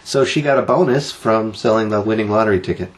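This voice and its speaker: A man's voice: lowish voice, quick pace. A man co-hosting a casual podcast, joking his way through odd news stories with plenty of teasing. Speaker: podcast co-host.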